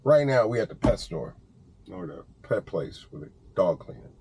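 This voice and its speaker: A man's voice: fairly low pitch, normal speed, background noise. A man talking casually to camera in a vlog, telling stories with lots of swearing and laughter. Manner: animated storytelling, profane, laughs often. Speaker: vlogger.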